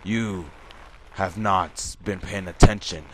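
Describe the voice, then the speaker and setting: A man's voice: low-pitched, fairly even intonation, slow. A man putting on a menacing Jigsaw villain voice. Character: sinister male killer villain announcing deadly tests. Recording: loud game noise behind.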